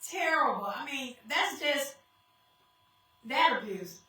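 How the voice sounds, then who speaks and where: A woman's voice: high-pitched, expressive, slow, pushed and bright. A woman giving an emotional personal testimony to a congregation, speaking tearfully and calling out to the crowd as y'all. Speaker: guest speaker sharing testimony. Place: church sanctuary. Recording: echoey hall, voice from far off.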